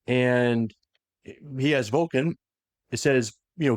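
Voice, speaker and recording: A man's voice: medium pitch, slow, no room sound, clean studio sound. A man hosting a podcast, casually retelling a story with lots of fillers and self-corrections. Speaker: podcast host.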